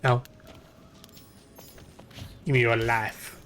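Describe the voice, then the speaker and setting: A man's voice: mid-range voice, flat delivery, drawn-out words, a bit bright. A young man rambling and swearing casually through live gameplay commentary as a streamer. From half Irish, half English. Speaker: game streamer.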